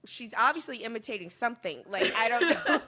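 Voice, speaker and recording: A woman's voice: fairly high pitch, expressive, fairly quick, background noise. A woman co-hosting a podcast in casual chat, hedging and searching for her words as she talks. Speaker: podcast co-host.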